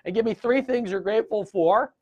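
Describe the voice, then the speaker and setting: A man's voice: sits high, brisk, a little mellow, highs cut off. A man hosting a live gratitude session, encouraging viewers and reading out their comments. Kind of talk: live-stream motivational talk.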